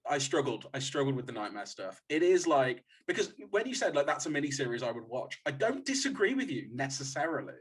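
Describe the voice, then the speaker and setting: A man on a film podcast panel, talking in an animated, exasperated way in casual roundtable chat. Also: mid-range voice, fairly quick, few pauses, slightly rough.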